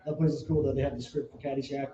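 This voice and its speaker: A man's voice: mid-range voice, level tone, very fast, mellow. A laid-back man co-hosting a casual pub podcast, talking hesitantly about movies. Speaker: podcast co-host. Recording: echoey room, distant mic, dull sound.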